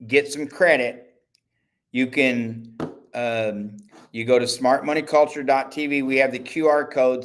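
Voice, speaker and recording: A man hosting his own livestream, talking casually and selling his services in a rambling, chatty way, often stopping to correct himself. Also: medium pitch. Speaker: host and network owner.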